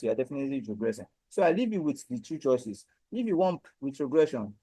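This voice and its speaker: A man from Nigeria presenting a webinar sales pitch, pressing listeners again and again to buy a training course. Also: warm tone, no room sound, poor audio. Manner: persuasive, repetitive sales push. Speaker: online course seller.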